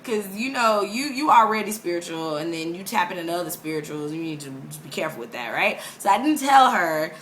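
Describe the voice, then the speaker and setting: A young woman vlogging casually, telling a personal story in an animated way, laughing often and acting out what people said. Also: fairly low pitch, fairly quick, hardly any pauses, a little hiss or hum.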